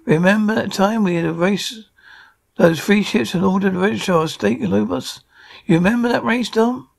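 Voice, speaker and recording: A man's voice: sits high, moderate pace, creaky, heavily acted. A man voicing a jovial old space prospector who talks in a chummy, coaxing way.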